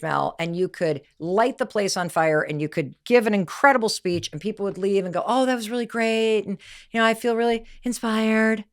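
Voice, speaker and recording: Earnest, encouraging guy friend with a low, persuasive voice, put on by a woman. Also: close to an everyday voice. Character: encouraging male friend and colleague.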